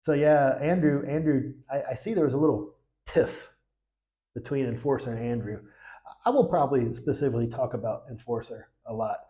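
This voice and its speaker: Warm in tone and a little fast, this mid-range voice belongs to a native English-speaking man from the United States hosting a casual livestream. The audio is dull, and his rambling chat with viewers is packed with fillers and restarts.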